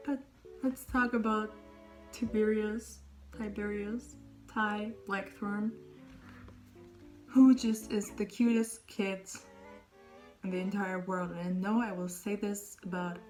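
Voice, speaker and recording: A young woman chatting casually about books on her vlog, gushing and rambling, often dropping into breathy whispered asides. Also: medium pitch, fairly even intonation, takes it slowly, darkish tone, faint music behind, rough recording. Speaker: book vlogger. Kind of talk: casual book talk.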